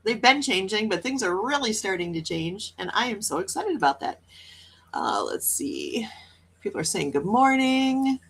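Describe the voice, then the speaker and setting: Casual host: woman, upbeat and chatty, mid-pitched voice. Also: lively intonation, moderate pace, fairly bright tone, slight background noise. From Wisconsin, US. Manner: chatty, upbeat, with frequent laughs. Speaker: livestream host reading chat. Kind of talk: casual morning livestream chat.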